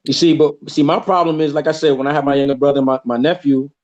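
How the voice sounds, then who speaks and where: A man talking in a casual chat, animated and acting out other people's voices in his stories. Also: fairly high pitch, fast. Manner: animated, acts out quoted voices. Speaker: podcast guest. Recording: dull lo-fi sound.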